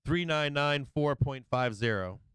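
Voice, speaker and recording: A man giving casual live trading commentary, excitable and profane, often repeating himself. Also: medium pitch, unhurried, clear, resonant tone, no room sound, poor audio. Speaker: livestream market commentator.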